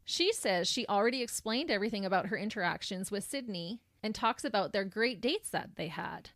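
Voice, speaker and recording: A woman's voice: medium pitch, expressive, brisk, a bit bright, no echo, clean studio sound. A woman hosting a podcast, recounting a true crime case in a sardonic storytelling manner. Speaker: podcast host.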